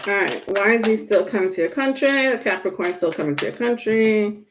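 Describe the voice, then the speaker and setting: A woman's voice: mid-range voice, a little fast, a little hiss or hum. Chatty woman tarot reader live. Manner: chatty, reads comments aloud, calls viewers honey. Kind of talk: live-stream tarot reading, chatting with viewers.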